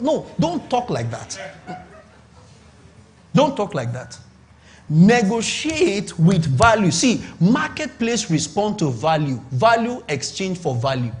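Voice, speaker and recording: The voice sits high and sing-song, a little mellow, as this middle-aged Nigerian pastor takes his business sermon slowly. He drives points home by repeating them and checks in with listeners for agreement.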